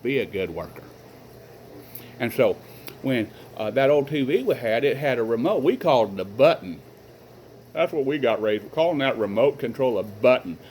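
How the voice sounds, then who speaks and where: A middle-aged man with a medium-pitched, darkish voice speaks at a moderate pace with plenty of expression. He's a vlogger casually spinning rambling, earnest, folksy stories about his childhood and family. The recording is rough, with slight background noise.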